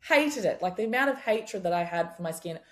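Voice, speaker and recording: A young adult woman who works as a chiropractor joins a casual podcast conversation as a guest, speaking candidly and expressively and swearing freely. Her voice is fairly low, and she talks fast.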